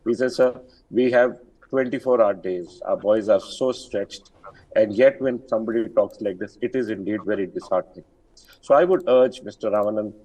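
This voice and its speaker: The interviewee is an older army general with a lowish, dark-toned voice, heard from some distance from the microphone. He's emphatic and firm, though his speech is full of fillers and restarts.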